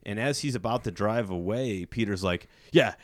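A man's voice: on the low side, normal speed, no room sound, clean studio sound. A man hosting a podcast, animatedly retelling a movie plot in casual chat. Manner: animated storyteller, slips into character voices. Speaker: podcast host.

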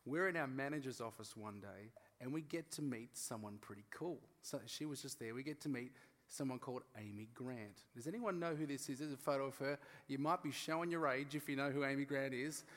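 An Australian man preaches a sermon in a relaxed, self-deprecating storytelling manner. His voice sits at a middle pitch. It rings with the long reverb of a big hall. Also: fairly quick. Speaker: pastor.

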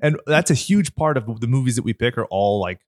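A man with a nasal voice co-hosting a podcast, talking in a rambling, candid, lively way. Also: medium pitch, brisk, no echo. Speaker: podcast co-host. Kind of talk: casual podcast chat. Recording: dry close mic.

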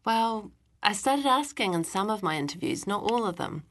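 A woman's voice: mid-range voice, expressive, normal speed. A woman in her forties interviews a guest, speaking candidly and murmuring agreement as she listens. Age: 40s. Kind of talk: casual chat.

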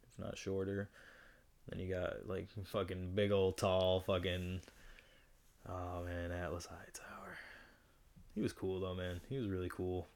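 Young male podcast guest from Michigan, low and fry-heavy voice, rambling and profane. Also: darkish tone. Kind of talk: casual podcast chat. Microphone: studio podcast mic.

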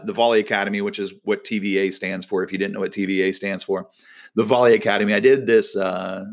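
A man with a low, gravelly voice gives a casual devotional talk as a volleyball coach. He tells a personal story, voicing the people in it as he goes. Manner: storytelling, acts out quoted dialogue.

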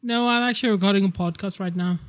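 A man hosting a casual spoiler podcast, rambling excitedly and swearing a lot as he recaps a movie. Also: high-pitched, fast talker, background noise. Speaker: podcast host.

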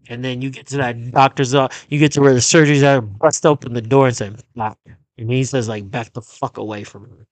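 A man's voice: mid-range voice, dry recording. A man hosting a podcast on his own, recapping a show in casual, rambling, profane talk. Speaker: podcast host.

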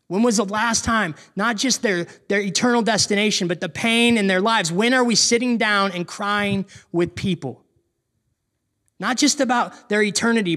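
A man preaching a sermon in an earnest way, asking rhetorical questions and slowing down to stress key points. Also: sits high, fairly bright tone. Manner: earnest, asks rhetorical questions, slows down for emphasis. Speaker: pastor.

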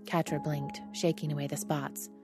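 A woman with a low voice reads a story aloud in a steady, measured way. Music plays clearly beneath her narration. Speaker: podfic reader. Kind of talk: reading fan fiction aloud. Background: background music.

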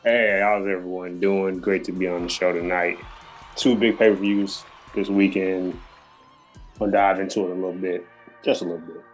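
A man's voice: low-pitched, little pitch movement, normal speed. A man around thirty co-hosting a podcast in casual chat, easygoing, over faint music. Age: 30s. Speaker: podcast co-host.

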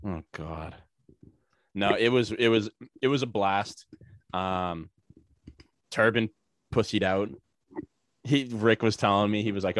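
A man's voice: on the low side, unhurried, long pauses, a bit bright, no echo. A man on a casual podcast, telling a long rambling story full of fillers, profanity and sarcastic asides.

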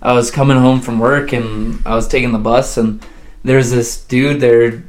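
A man's voice: medium pitch, little pitch movement, normal speed, roomy sound. A man chatting casually as a podcast guest, rambling through stories with lots of fillers and laughs. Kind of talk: casual chat.

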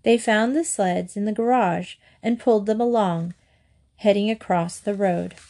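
Woman, reading a children's story aloud, steady, gentle, mid pitch. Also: measured pace. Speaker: reader.

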